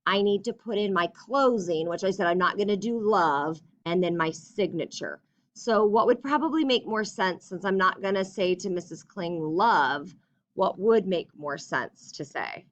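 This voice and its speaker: A young woman teacher going through a writing lesson, dictating slowly and chatting in between. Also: mid-range voice, lo-fi sound. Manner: slow and deliberate when dictating, chatty in between. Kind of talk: recorded classroom writing lesson.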